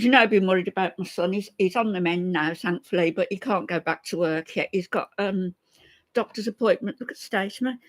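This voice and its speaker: A middle-aged woman hosting a casual live stream, chatty and greeting her viewers one by one by name. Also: medium pitch. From from an Irish family. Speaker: commentary channel host.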